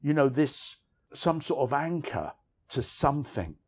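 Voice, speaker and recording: A man's voice: medium pitch, very animated, a little slow, slightly rough. A middle-aged man, a writer and interview guest, telling frank personal stories in a rambling way, often saying "you know what I mean". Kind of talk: candid personal storytelling.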